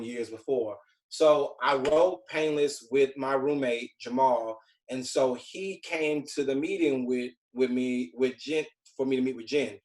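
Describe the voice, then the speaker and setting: A TV writer in his forties with a Southern US accent casually tells a group about his career and offers advice, rambling in a laid-back, chatty way with plenty of "like." His mid-range voice comes through a rough recording in an echoey room.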